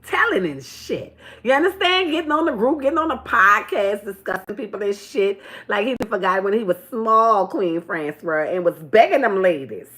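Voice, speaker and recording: A woman hosting a casual livestream, talking in with big pitch swings and loud bursts. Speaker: livestream host.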